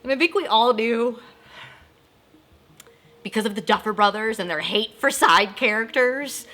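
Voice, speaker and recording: Bright-voiced woman recapping a TV episode. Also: on the high side, animated. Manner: chatty, acts out characters' lines in quick asides; emotionally invested, jokes about crying. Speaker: host of a TV recap channel.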